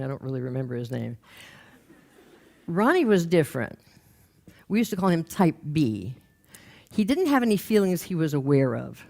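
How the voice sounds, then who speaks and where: An older woman from Los Angeles telling a humorous story in a stage talk, lively and quoting people as she goes. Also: deep voice, vocal fry. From Los Angeles, USA. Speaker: speaker. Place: stage before a live audience.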